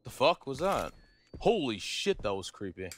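A young man streaming a horror game, jumpy and excitable, swearing often as he plays. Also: medium pitch, normal speed. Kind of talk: live gaming stream commentary.

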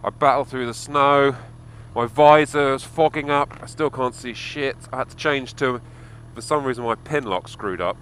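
A man's voice: mid-range voice, moderate pace, hardly any pauses, a bit bright, clean tone, low-quality recording. A man recording a casual video diary while riding a motorbike through snow, giving a running commentary full of swearing and exasperation. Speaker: motorcycle vlogger.

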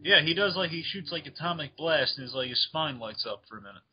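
A man's voice: on the high side, animated, quick pace, lo-fi sound, slight background noise. A man chatting casually on a cartoon commentary, peppering his talk with "like" and "uh". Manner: chatty, lots of "like" and "uh".

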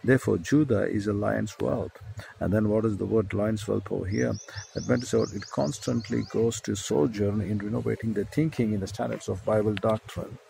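A man's voice: fairly low pitch, steady tone, moderate pace, vocal fry, dark tone, slight background noise, poor audio. A man with an Indian accent preaching a sermon, reading scripture verses aloud and explaining the words one by one.

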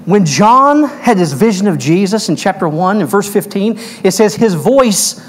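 A man's voice: high voice, expressive, normal speed, slight background noise. A man preaching a verse-by-verse sermon as pastor, emphatic, often asking the congregation questions. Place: church.

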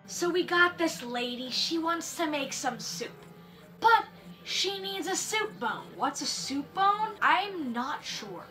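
A young woman giving a sarcastic, animated comedic commentary on a book of stories, with mock outrage. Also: high voice, measured pace. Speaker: book reviewer. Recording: faint music underneath.

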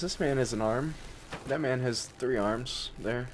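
A man's voice: mid-range voice, a little slow, a little hiss or hum. Jokey male gamer over gunfire. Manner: jokey, swaps swears for minced oaths. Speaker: gameplay commentator. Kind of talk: casual gaming commentary. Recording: loud game gunfire behind voice. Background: shooter game gunfire.

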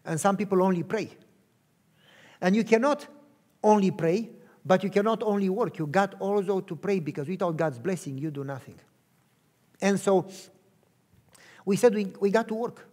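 A male pastor telling a personal testimony in a sermon, speaking earnestly in short, measured phrases. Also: high-pitched, darkish tone.

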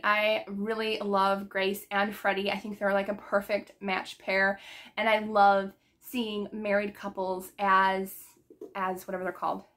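A woman book vlogger chatting casually and excitedly, recorded on her phone. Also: on the high side. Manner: bubbly and excitable, gasps and laughs. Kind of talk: casual chat.

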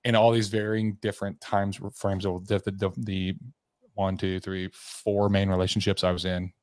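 A man's voice: low-pitched, little pitch movement, normal speed, darkish tone, dry recording. A man from Tennessee, a podcast guest, telling a candid personal story in a rambling way, with fillers and restarts, acting out the lines of the people in it.

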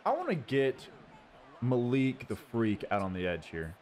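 A man hosting his gaming channel, giving casual running commentary on his own football video game and cheering loudly at big plays. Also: mid-range voice, very animated, slow pace. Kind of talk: live gameplay commentary. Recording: audible background noise.

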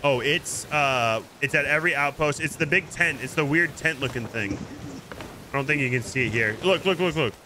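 A man streaming a pirate game, chatting casually and coaching another player with jokey excitement. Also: fairly high pitch, normal speed, noisy background. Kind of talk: casual gameplay chat.

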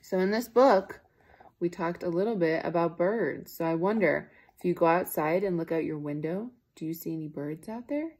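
A teacher reading a picture book to young children, pausing to ask them gentle questions. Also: female voice, lowish voice, husky. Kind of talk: children's read-aloud.

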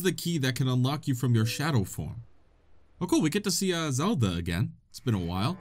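Excitable young man playing a game. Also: medium pitch, a little fast. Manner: excitable, laughing, swears and jokes. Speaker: gaming video host. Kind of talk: let's play commentary.

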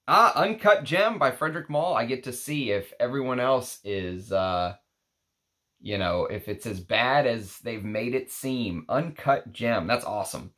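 A man's voice: on the low side, fairly bright tone. A man chatting casually as a fragrance reviewer, rambling and thinking aloud as he unpacks samples. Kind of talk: casual unboxing chat.

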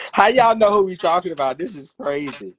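A man's voice: high voice, a bit bright, slightly rough, low-quality recording. A man co-hosting a casual chat show, joking and laughing often. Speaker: host.

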